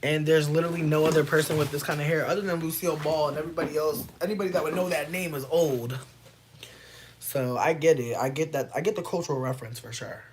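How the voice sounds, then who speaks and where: A woman's voice: deep voice, steady tone, fast, a little hiss or hum. A woman chatting casually on a livestream, reading and answering comments in a playful, laid-back way with plenty of swearing.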